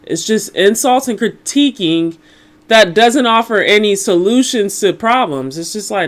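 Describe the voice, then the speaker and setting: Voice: medium pitch, expressive, a little slow. A podcast co-host giving casual, critical, exasperated commentary.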